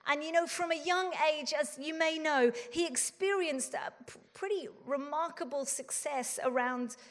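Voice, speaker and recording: A woman's voice: high-pitched, moderate pace, fairly bright tone. A woman in her forties giving an earnest, self-deprecating and humorous conference talk. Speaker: conference speaker. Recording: long hall reverb.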